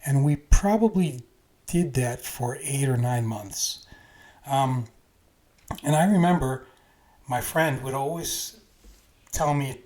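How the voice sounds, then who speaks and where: A man's voice: medium pitch, slow, pauses often, darkish tone. A man hosting a podcast, telling a personal story in a casual, chatty way. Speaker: podcast host.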